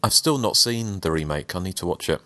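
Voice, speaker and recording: A man's voice: low voice, expressive, brisk, bright, forceful tone, no echo. A man co-hosting a casual podcast chat, hesitant, with many fillers and restarts. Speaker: podcast co-host.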